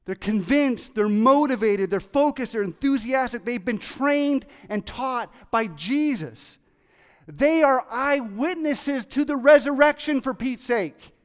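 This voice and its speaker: An excitable preacher with a very high, light voice delivers his sermon, acting out the people in the story as he goes. The sound rings with the long reverb of a large hall. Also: measured pace, clean tone. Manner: excitable, animated, acts out quoted voices. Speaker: pastor.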